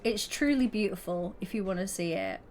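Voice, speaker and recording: A woman's voice: medium pitch, lively intonation, normal speed, a little mellow, a little hiss or hum. A young woman streaming live, chatting casually with her viewers and constantly breaking into giggles. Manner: giggly, keeps breaking into laughter.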